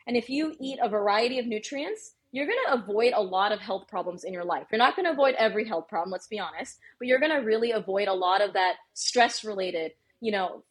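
A woman's voice: medium pitch, breathy edge. A woman pediatrician and parenting coach, a guest in an interview, explaining eagerly and often checking in with "right?" and "you know.". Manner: animated, explanatory, uses many fillers like "you know" and "right?". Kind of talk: interview conversation.

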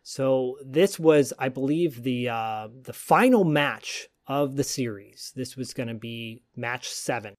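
A man's voice: mid-range voice, slow, few pauses. A man hosting a podcast, telling a story in a rambling, digressive casual chat. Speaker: podcast host.

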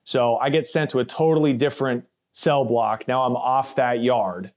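A man's voice: medium pitch, steady tone, normal speed, a little mellow. Blunt man telling a prison story. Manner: blunt, plainspoken, casual with swearing; acts out others' voices in quotes. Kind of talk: first-person storytelling podcast.

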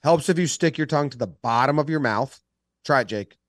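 A man's voice: mid-range voice, a little fast, no room sound, clean studio sound. A man co-hosting a casual sports podcast, joking around and putting on mock accents. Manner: jokey, mock accents for laughs. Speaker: podcast co-host.

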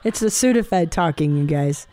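A woman hosting a podcast, telling stories in a rambling, expressive way, swearing and laughing often. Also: low voice, moderate pace. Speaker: podcast host. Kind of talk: casual podcast chat.

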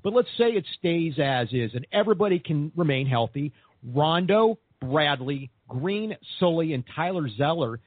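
A man hosting a sports podcast, chatting with upbeat, animated optimism. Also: a little high, moderate pace, dry recording. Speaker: podcast host. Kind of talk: casual sports chat. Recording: tinny phone-like sound.

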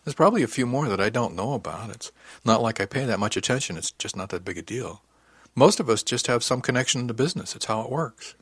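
A man's voice: medium pitch, expressive, quick pace, slightly rough, no room sound. A man reading the part of a cheerful middle-aged woman spacer who teases easily and sounds motherly. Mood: wry. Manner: teasing, easygoing.

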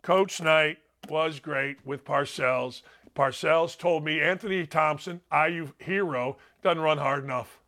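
Older male sports host, bright, edgy tone, loud, rambling, emphatic. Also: on the high side, measured pace. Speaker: sports talk show host. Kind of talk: animated talk show monologue.

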